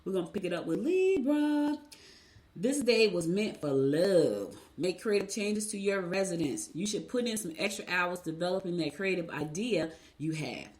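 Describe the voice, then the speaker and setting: Chatty woman radio host, lowish voice. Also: expressive, normal speed, hardly any pauses. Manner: chatty, laughing, rambling storytelling. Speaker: radio host reading horoscopes. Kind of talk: casual chat.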